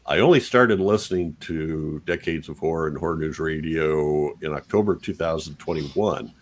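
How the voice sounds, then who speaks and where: A man with a very low voice reads listener letters on a casual podcast. His delivery is wry and unhurried. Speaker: podcast co-host reading listener feedback.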